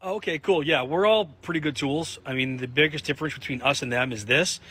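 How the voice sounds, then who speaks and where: A man playing a sales rep acting out a call for a demo video, speaking quickly. The voice sits fairly high for a man. The role-play moves briskly from line to line. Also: sharp tone, husky. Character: male sales rep, eager then confident.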